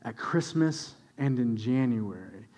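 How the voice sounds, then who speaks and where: A young adult man, a pastor, preaching a sermon with animated storytelling and quiet, earnest stretches. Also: medium pitch, takes it slowly.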